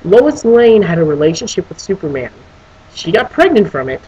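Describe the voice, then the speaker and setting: Husky-voiced reviewer ranting profanely. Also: mid-range voice, moderate pace, lo-fi sound. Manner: animated, profane ranting with many restarts; breaks into voicing characters. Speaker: film reviewer. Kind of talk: casual spoken film review.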